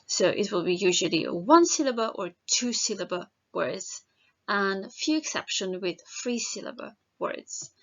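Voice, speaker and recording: A woman teacher, pronouncing letters and words slowly and carefully in a lesson. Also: medium pitch, animated. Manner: careful, drawn-out pronunciation of each letter and word. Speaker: language teacher. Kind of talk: slow, deliberate alphabet lesson. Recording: slightly dull, lo-fi sound.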